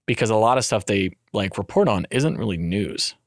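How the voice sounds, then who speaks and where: A young adult man chatting casually as a podcast co-host, rambling with lots of fillers and lively asides. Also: fairly low pitch, moderate pace, vocal fry, dry recording, clean studio sound. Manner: rambling, animated, with frequent fillers. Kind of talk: casual chat.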